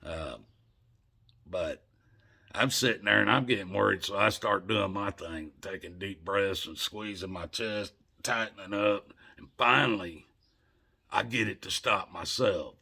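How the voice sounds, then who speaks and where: A man's voice: lowish voice, unhurried, creaky, sharp tone, slightly rough. A man telling a personal story in a rambling, conversational way, with many restarts. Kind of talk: casual storytelling to camera.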